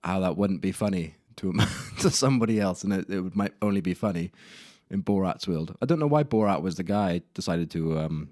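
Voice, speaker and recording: A man's voice: deep voice, brisk, few pauses, a little mellow, dry recording, studio quality. A young man hosting a solo podcast, telling embarrassing stories in a rambling, self-deprecating way with casual swearing. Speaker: podcast host. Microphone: camera mic in a room.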